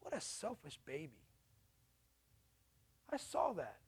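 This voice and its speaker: A middle-aged man preaching a sermon as a pastor, animated and storytelling, acting out little voices. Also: fairly high pitch, takes it slowly, creaky, breathy edge.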